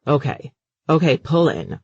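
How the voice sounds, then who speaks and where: A man's voice: on the high side, big pitch swings, unhurried, breathy edge, no echo, highs cut off, heavily acted. A man voicing an exasperated grown son in an audiobook, weary and fed up. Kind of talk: audiobook character voice.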